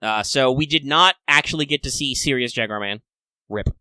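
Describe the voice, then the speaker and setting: Male podcast co-host, bright tone, dry close sound, chatty and playful. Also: mid-range voice, moderate pace, dry recording. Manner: chatty, playful and upbeat, with excited asides. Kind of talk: casual fan discussion podcast.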